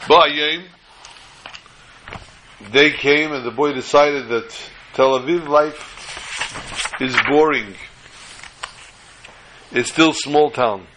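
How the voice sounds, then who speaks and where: A man telling a story in a religious talk, in an animated, halting delivery with frequent restarts. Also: fairly high pitch, slight background noise, poor audio.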